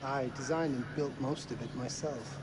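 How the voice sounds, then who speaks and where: A man's voice: mid-range voice, steady tone, moderate pace, heavy background noise, natural voice. A man playing a genteel hotel owner. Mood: courteous. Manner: polished, formal, genteel. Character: courteous middle-aged male hotel owner.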